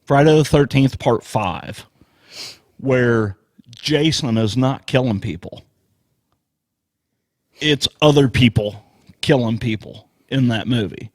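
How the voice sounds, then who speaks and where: A man co-hosting a casual podcast, talking slowly and emphatically, swearing often and sounding worked up. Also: mid-range voice, no room sound. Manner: slow, emphatic, profane, worked up. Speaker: podcast co-host.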